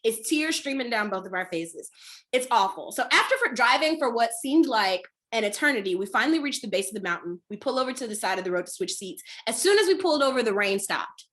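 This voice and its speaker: A woman comedian telling a funny personal story over a video call, with an animated, dramatic comic delivery. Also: on the high side, fast. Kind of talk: storytelling performance.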